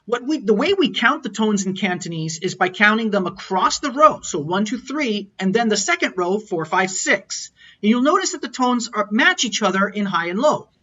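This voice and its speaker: A man's voice: sits high, sing-song, normal speed, pushed and bright. A man teaching an online lesson over slides, explaining patiently and sounding out tones as examples. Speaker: language teacher. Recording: dull lo-fi audio.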